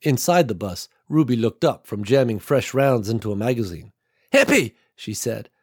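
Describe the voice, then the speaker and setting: Husky male audiobook narrator. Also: medium pitch, expressive, warm tone, no room sound, studio quality. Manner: measured, dramatic storytelling.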